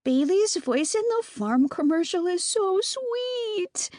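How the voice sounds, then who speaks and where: Woman narrator putting on a little girl voice, high and sweet, eager, adoring, storybook reading. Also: sing-song, slow pace, a little mellow, no echo, clean studio sound, full character voice. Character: eager little sister, admiring and playful.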